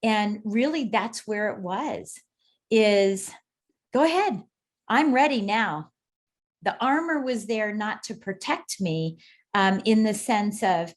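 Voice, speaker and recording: A middle-aged woman, a guest on an interview podcast, telling her story in an emphatic, animated way. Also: mid-range voice, slow pace. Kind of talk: casual interview conversation.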